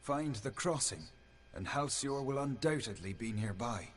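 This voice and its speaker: A man's voice: medium pitch, expressive, moderate pace, a little hiss or hum, close to an everyday voice. A man voicing an ancient, stately fae keeper. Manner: formal, stately. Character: ancient male fae keeper, formal and wary. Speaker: quest giver. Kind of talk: game dialogue.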